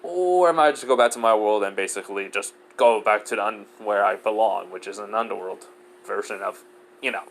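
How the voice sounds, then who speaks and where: A man's voice: on the low side, a little fast, gravelly, a bit bright, a little hiss or hum, rough recording. A man voicing an arrogant male android villain, threatening and defiant.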